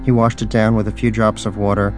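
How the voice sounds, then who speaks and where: A man's voice: on the low side, level tone, a little fast, a little mellow, faint music behind. A man narrating a story in a dry, wry way. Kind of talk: scripted narration.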